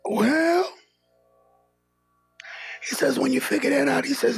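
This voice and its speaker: A man preaching a sermon, shouting with fervor and humor, calling on the congregation to answer back. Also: very high-pitched, slow, vocal fry, pauses often. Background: loud music.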